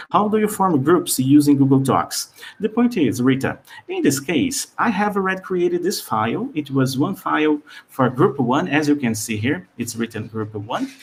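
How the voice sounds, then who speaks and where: A man's voice: a little high, sing-song, normal speed. A man whose first language is Portuguese, presenting a live teacher-training webinar over a video call, explaining step by step with frequent "all right?" check-ins and fillers. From Brazil.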